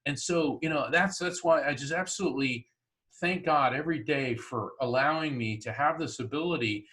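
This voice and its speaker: A man, a psychic medium, chatting in an interview and telling lively stories with frequent laughs. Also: on the high side, moderate pace. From Florida, US. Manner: chatty, laughs often, animated storyteller. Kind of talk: storytelling in an interview.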